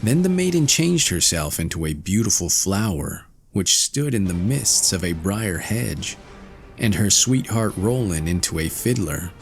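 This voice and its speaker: A man narrating a fairy tale in a slow, expressive storytelling manner. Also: gravelly, faint music behind. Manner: slow, expressive storytelling with wide pitch swings. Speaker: audiobook narrator.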